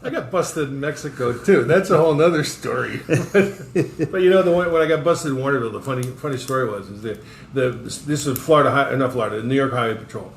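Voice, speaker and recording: A man co-hosting a podcast, telling anecdotes in an animated, laughing way with some swearing. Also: medium pitch, quick pace, vocal fry, distant mic. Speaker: podcast co-host. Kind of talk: casual storytelling chat. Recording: echoey room with faint noise.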